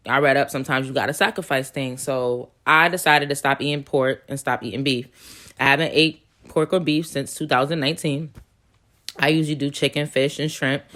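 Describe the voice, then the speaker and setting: A woman's voice: sits low, fairly bright tone. A young woman in her twenties, rambling and earnest, shares personal spiritual stories in a casual vlog. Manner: rambling, earnest storytelling with restarts and emotional swells. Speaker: spiritual vlogger. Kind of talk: casual personal testimony to camera.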